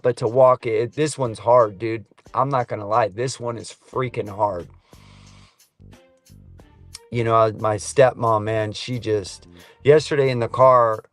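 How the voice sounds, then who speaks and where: A man's voice: medium pitch, no room sound. A middle-aged man, a trucker, chatting casually on a live stream, reading viewer comments in a rambling, earnest way. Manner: rambling, earnest, says man and brother a lot. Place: truck cab.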